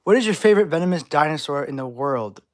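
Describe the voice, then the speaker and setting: A man's voice: fairly high pitch, expressive, fast. A man hosting a live stream, reading chat questions aloud with playful, jokey overreactions. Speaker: channel host.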